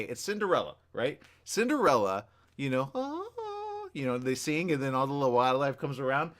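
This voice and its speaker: A man hosting a talk radio show, chatting casually, rambling through stories and laughing often. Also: medium pitch.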